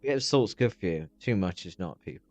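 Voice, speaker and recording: A man's voice: lowish voice, lively intonation, a little fast, a little mellow, dry recording, muffled recording. A man chatting loosely on a live stream while watching videos, swearing freely as he rambles.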